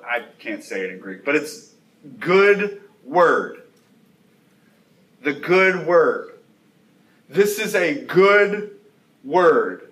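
A young man preaching a sermon, telling youth ministry stories and then rising to loud, emphatic passages on scripture. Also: a little high. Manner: animated preaching, speeds up and slows for emphasis, rises to loud exclamations. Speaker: pastor.

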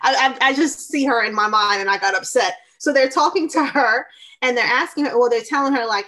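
A woman's voice: a little high, fairly quick, sharp tone. A woman guest on a podcast, chatting casually and animatedly, laughing often. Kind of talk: casual chat.

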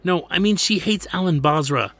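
A man's voice: high-pitched, moderate pace, fairly bright tone, pitched above the performer's own voice. A man voicing a hot-tempered, lovesick young man, speaking with frustration. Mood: heated. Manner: heated, frustrated.

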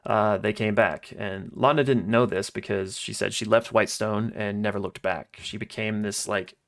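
Low gravelly dude doing a casual podcast recap, lots of ums. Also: male voice, fairly even intonation, normal speed. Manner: loose storytelling, many ums and quoted lines. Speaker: podcast co-host recapping an episode.

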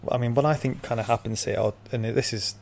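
A man's voice: mid-range voice, steady tone, fast talker, vocal fry, darkish tone. A man in casual discussion, earnestly laying out his view at length.

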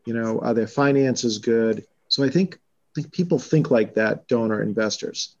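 Man, Boston accent, fundraising exec on a podcast, measured, slightly dull sound. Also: medium pitch. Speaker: college fundraising vice president. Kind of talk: podcast conversation.

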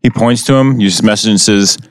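A man playing a tabletop role-playing game and talking about his character in a relaxed, offhand way. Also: fairly low pitch, brisk, no room sound, clean studio sound. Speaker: player. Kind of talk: casual tabletop game play.

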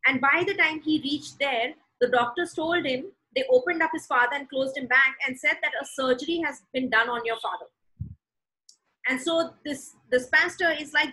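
A woman's voice: high-pitched, normal speed, bright, forceful tone, rough recording. A woman preaching a sermon, emphatic and repeating words for stress.

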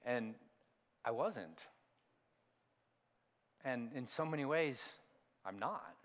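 A middle-aged male pastor preaching a sermon, telling a story with loud outbursts and hushed asides. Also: mid-range voice, animated, slow pace.

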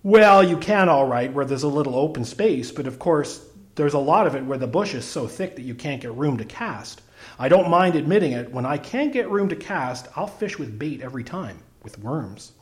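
A man gives voice to an eager, talkative fisherman from a storybook. He confides his tricks in detail, his pitch swinging lively through each sentence. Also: normal speed, natural voice. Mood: enthusiastic. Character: chatty expert trout fisherman on a train.

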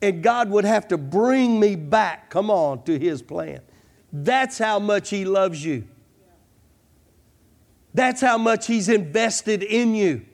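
A man's voice: sits high, expressive, slow pace. A man preaching a fervent sermon, repeating "come on" and "I'm telling you" as he presses his points. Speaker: pastor.

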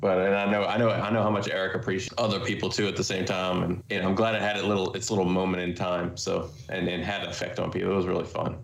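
A man's voice: low-pitched, flat delivery, quick pace, vocal fry, hardly any pauses, slight background noise. A man reminiscing in casual panel chat, rambling with lots of fillers. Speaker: podcast host. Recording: echoey room.

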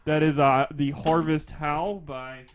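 A man co-hosting a comedy podcast, chatting casually and reading a passage aloud slowly with mock drama, breaking into laughs. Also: fairly high pitch, steady tone, crowd noise. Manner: reads erotic fiction aloud in a slow mock-dramatic voice, laughing. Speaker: podcast co-host.

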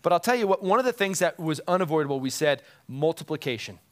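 A man's voice: a little high, lively intonation, quick pace. A man who is a pastor, preaching a conversational sermon to his congregation, often chuckling and repeating key phrases for emphasis.

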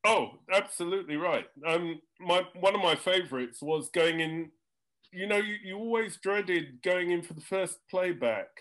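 A man's voice: sits high, lively intonation, moderate pace, a bit bright. An older man, a jingle composer, tells studio stories in a chatty talk show. He has dry comic timing and acts out other people's lines. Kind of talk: anecdotal storytelling chat.

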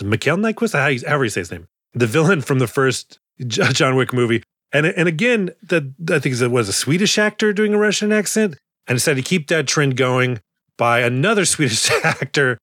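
A man's voice: mid-range voice, a bit bright, no echo, clean studio sound. A young man co-hosting a podcast in casual chat, rambling, correcting himself and laughing often. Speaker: podcast co-host.

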